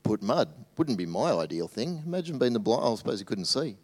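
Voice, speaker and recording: A man preaching a sermon as pastor, swinging between loud animated bursts and hushed, tender asides. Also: medium pitch, fast.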